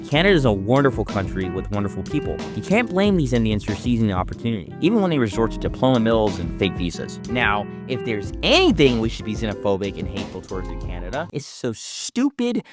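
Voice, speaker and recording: A man narrating scripted vlog commentary with a sarcastic, punchy delivery. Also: mid-range voice. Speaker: vlogger.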